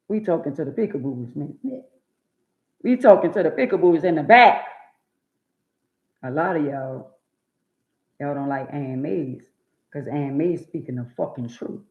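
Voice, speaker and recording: A woman hosting a live stream, bluntly and profanely lecturing her viewers and repeating words for emphasis. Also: lowish voice. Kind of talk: preachy live-stream rant. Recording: echoey room, dull lo-fi sound.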